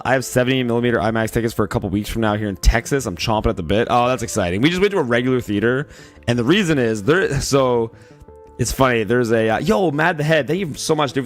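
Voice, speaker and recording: A man who has just woken up, with a raspy voice, chatting casually on a livestream, greeting viewers and rambling with lots of fillers. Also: mid-range voice. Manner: loose and rambling, many "like" fillers, greets chat by name. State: just woke up, yawning. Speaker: streamer.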